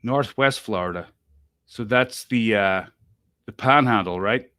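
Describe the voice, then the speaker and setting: A chatty man hosts a casual podcast conversation, often breaking off mid-thought and laughing along. His voice has a bright, forceful edge, recorded dry and close with almost no room sound. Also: on the low side, measured pace, no echo. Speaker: podcast host. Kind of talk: casual group chat.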